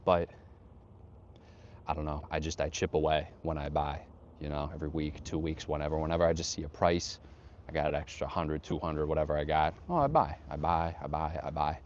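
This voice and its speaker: Hiking a snowy trail in the wind, this livestream host reads chat aloud and banters loosely with viewers, swearing and joking as he goes. His very deep, darkish voice stays completely flat and moves fairly quickly, captured on dull audio.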